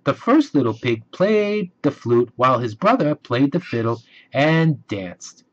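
Slow husky male storybook reader. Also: medium pitch. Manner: slow, expressive read-aloud. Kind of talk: reading a children's storybook aloud. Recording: dull lo-fi recording.

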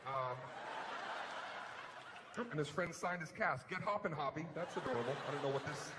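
A man performing a stand-up comedy routine on stage, animated, swinging between hushed mutters and shouted rants. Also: fairly high pitch, normal speed. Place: large comedy venue. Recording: live hall with crowd noise. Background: audience laughter.

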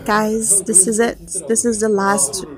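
A woman's voice: medium pitch, flat delivery, a little slow, a crowd in the background. A woman hosting her own fan channel, gushing over a livestream with repeated exclamations. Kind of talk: fan reaction commentary. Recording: livestream audio and voices behind.

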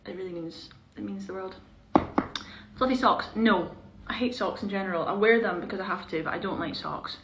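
A young woman chatting casually to her viewers on a live stream while doing her makeup, bubbly and chatty, sometimes dropping into quiet mutters. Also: medium pitch, fairly quick. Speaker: performer hosting a live stream. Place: small indoor room. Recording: echoey room with faint hiss.

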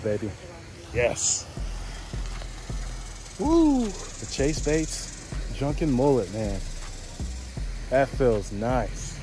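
A man, chatting excitedly to viewers in a casual fishing vlog, recorded outdoors by a pond. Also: mid-range voice, noisy background. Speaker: fishing vlogger.

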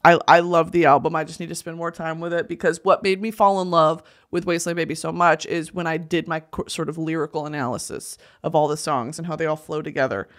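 A young woman hosting a podcast in casual chat, animated and gushing, laughing often and poking fun at herself. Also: deep voice, fast, few pauses. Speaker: podcast host.

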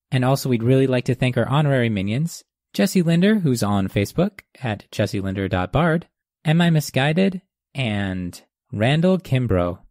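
A man's voice: mid-range voice, a little mellow, no room sound, clean studio sound. A male podcast host reading a scripted outro and thanking supporters by name.

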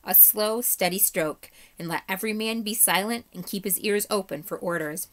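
A woman's voice: medium pitch, normal speed, fairly bright tone, close to an everyday voice. A woman voicing a young king giving firm orders on a ship in a storybook reading. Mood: commanding. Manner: commanding, firm.

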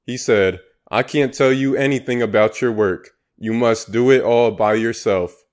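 A man's voice: mid-range voice, unhurried, close to an everyday voice. A man reading the part of a scruffy old male painter who talks bluntly and crudely. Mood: offhand. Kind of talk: audiobook character reading.

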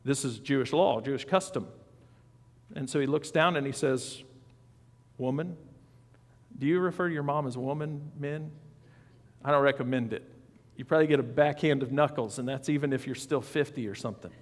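A man's voice: medium pitch, normal speed, long pauses, big-room sound. A man preaching a sermon as pastor, in a conversational style with asides and questions to the congregation. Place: church sanctuary.

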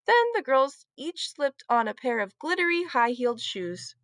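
A woman teacher reading a children's book aloud, with clear, expressive storytelling. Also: high voice, normal speed, no echo.

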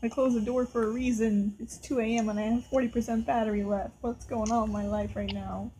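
A woman with a fairly high voice gives casual commentary on a scary video game. She sounds nervous and talks straight to the characters on screen. A faint noise sits under the recording. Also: flat delivery, a little fast, warm tone, low-quality recording. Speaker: gameplay video host. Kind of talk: casual let's-play commentary.

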